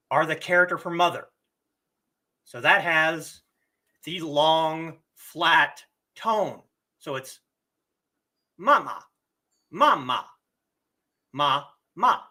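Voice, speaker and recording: A livestream host gives a casual lesson in a medium-pitched, bright, forceful voice. They speak slowly and deliberately, clearing their throat often and sounding a little hoarse from a cough.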